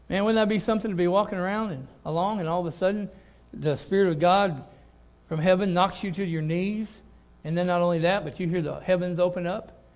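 A middle-aged male pastor delivering a sermon in a high, bright-pitched voice. He is animated and leans on repeated phrases to drive his points home. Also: fairly quick.

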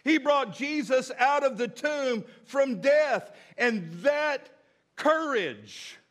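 A man's voice: very high voice, animated, takes it slowly, a bit bright. A male pastor preaching a sermon in an emphatic, repetitive way.

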